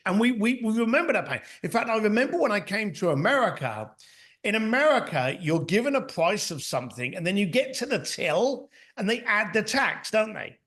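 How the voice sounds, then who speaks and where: Animated, high-voiced middle-aged man telling stories. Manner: blunt, anecdotal, acts out other people's lines. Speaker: podcast guest, author and mentor. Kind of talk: conversational storytelling.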